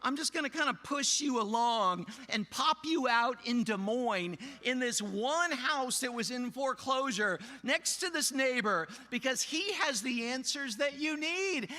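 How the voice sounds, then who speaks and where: A middle-aged pastor with a notably high, bright voice delivers a sermon in a storytelling way. He slips into the voices of the people he quotes and sinks low and quiet when the story turns sad. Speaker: preacher.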